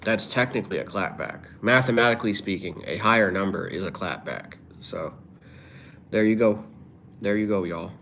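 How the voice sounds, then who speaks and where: A man with a lowish, gravelly yet fairly bright voice is livestreaming, with slight background noise behind him. He reads viewers' comments out loud and answers them in a rambling, offhand manner as casual stream chat.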